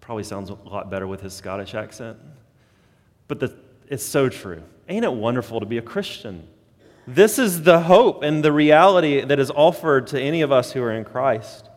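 A man's voice: medium pitch, expressive, moderate pace, in a large hall. A man preaching a sermon as pastor, earnest and building to emphatic points.

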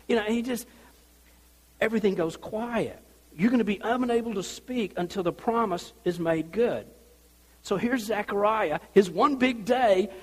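A male pastor preaching a sermon, telling the story in an animated way and acting out the people in it. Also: high-pitched, moderate pace, long reverb tail.

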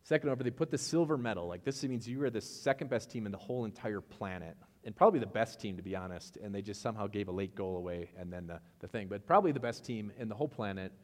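A man preaching a casual sermon as pastor, telling personal stories and acting out both sides of conversations with lively ups and downs. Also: on the low side, fast talker, few pauses, big-room sound. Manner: animated storytelling, acts out both sides of conversations.

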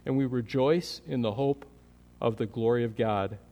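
A man preaching a sermon as pastor, earnest, building in energy and then dropping to a quiet, prayerful tone. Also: mid-range voice, moderate pace, hardly any pauses. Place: church sanctuary. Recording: long hall reverb.

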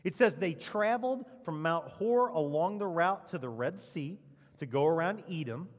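A man preaching a sermon as pastor, with dramatic emphasis and a lively delivery. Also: moderate pace, long reverb tail. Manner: animated preaching with dramatic emphasis and lowered punchlines. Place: church sanctuary.

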